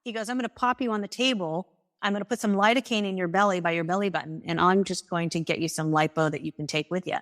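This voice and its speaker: A middle-aged woman telling her story as a guest, acting out what others said in a lively way. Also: lowish voice, fast. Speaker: guest, author. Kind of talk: storytelling in conversation.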